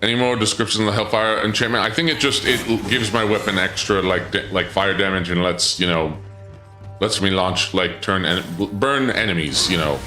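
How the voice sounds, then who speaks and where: A man's voice: low voice, normal speed, pushed and bright, reverberant, faint music behind. A man casually commenting on a game during a live stream, thinking aloud and answering chat. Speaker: gaming streamer.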